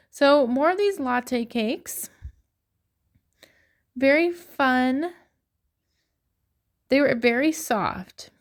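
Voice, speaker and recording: Slow-talking woman gushing over yarn. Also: on the high side. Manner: gushing, admiring. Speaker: yarn shopping vlogger. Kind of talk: casual voice-over narration.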